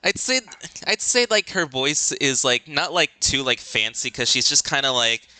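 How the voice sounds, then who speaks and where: A man chatting casually while streaming a game with friends, animated and giggly, his voice jumping up high when excited. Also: normal speed, clear, resonant tone, no echo. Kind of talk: casual let's-play chat.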